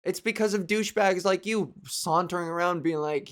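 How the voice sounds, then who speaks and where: A woman's voice: on the low side, normal speed, hardly any pauses. A woman comedian riffing alone on her podcast in a rambling, sarcastic, profane way, laughing between tangents, recorded in her bedroom. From Canada. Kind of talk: solo comedic monologue.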